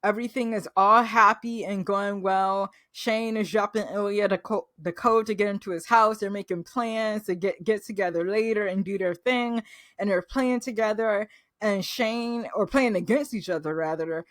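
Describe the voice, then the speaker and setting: A woman's voice: mid-range voice, normal speed, fairly bright tone, dry recording, clean studio sound. A woman hosting a TV recap vlog, talking in a gushing, emotional, exclamatory way. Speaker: TV recap host. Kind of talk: casual recap review.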